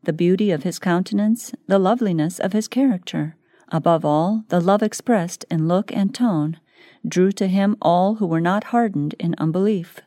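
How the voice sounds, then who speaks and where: A woman reading a devotional book aloud in scripted narration, slow and measured. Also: lowish voice, dark tone, dry recording, studio quality. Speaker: audiobook reader.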